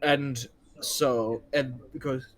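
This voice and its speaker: A man narrating a tabletop game as game master, relaxed and rambling with fillers. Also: mid-range voice, extremely slow.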